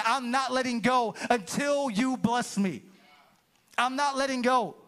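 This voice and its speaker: A male pastor with an extremely high, fairly bright voice preaches an impassioned sermon in a church sanctuary. His delivery rises and falls as he calls out to the congregation.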